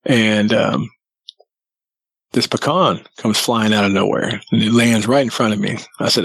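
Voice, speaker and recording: A man's voice: lowish voice, a little slow, vocal fry, slightly rough, no room sound, low-quality recording. Man animatedly telling a campfire-style story. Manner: animated storyteller who acts out quotes. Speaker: podcast guest telling a sighting story. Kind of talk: casual storytelling.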